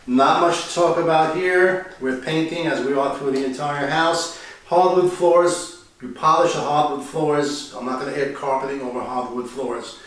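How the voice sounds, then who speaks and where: A man with a slightly high, steady voice talks at a moderate pace, sounding a bit bright. He's a real estate investor casually walking through a house he's renovating, plainly thinking out loud as he tours it. The empty rooms under renovation make the indoor recording echo.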